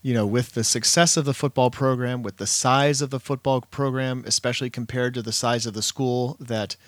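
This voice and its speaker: A man's voice: medium pitch, steady tone, dry recording. Man hosting, dry close voice. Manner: measured, formal introductions. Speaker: podcast host. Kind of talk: podcast interview.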